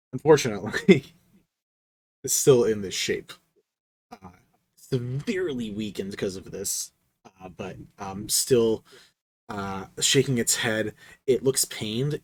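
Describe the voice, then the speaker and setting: A man's voice: on the low side, breathy edge. A man narrating as game master of a tabletop game, laughing often as he describes the action.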